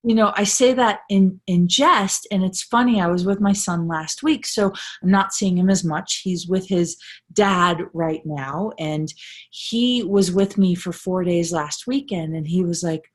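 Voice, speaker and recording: A woman's voice: on the low side, measured pace. A middle-aged woman life coach giving a casual, earnest motivational talk, repeating phrases for emphasis and tagging lines with "right?". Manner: earnest, emphatic, repetitive, with frequent "right?" tags.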